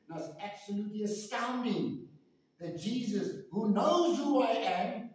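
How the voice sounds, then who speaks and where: Male pastor, high voice, unhurried emphatic sermon delivery, distant mic, echoey church. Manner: emphatic, repeats phrases for stress, swings from soft to loud.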